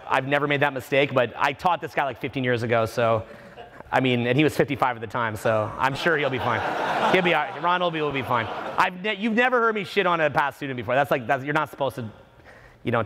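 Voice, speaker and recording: A man, a dating coach, telling stories to a live seminar audience, profane and animated. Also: on the high side. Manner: profane, animated, acts out the people in his stories. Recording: long reverb of a seminar hall.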